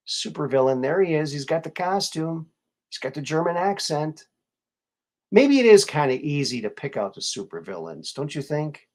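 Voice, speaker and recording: A man's voice: medium pitch, big pitch swings, normal speed, a little mellow. A man hosting a casual live show, musing and rambling with many fillers and restarts as he greets viewers. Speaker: show host.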